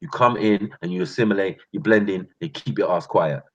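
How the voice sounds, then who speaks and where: Laughing and slangy, a North London channel host with a London accent tells street stories in an animated, casual monologue. His voice is lowish and husky and he moves briskly. The recording sounds dull and lo-fi.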